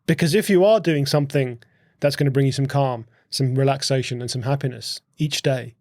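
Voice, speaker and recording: Male co-host, gravelly tone, dry close mic, loose explanatory chat with restarts. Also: mid-range voice, brisk, a little mellow, dry recording. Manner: repeats and restarts words, asks questions. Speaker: podcast co-host. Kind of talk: casual conversational explanation.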